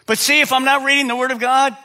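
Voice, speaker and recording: A fast-talking middle-aged pastor preaches with fairly even intonation, though he still moves between quiet, low asides and loud, high preaching. He asks the congregation questions and then answers them himself.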